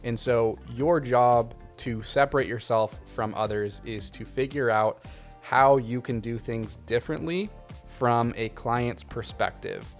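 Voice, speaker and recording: A man hosting a casual question-and-answer video, giving relaxed, conversational advice with frequent ums and uhs. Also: mid-range voice, measured pace, soft background music. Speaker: video production channel host.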